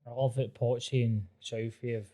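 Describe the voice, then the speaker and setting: Host guy chatting, mellow and kinda flat, keeps repeating himself. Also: mid-range voice, moderate pace. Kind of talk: casual chat.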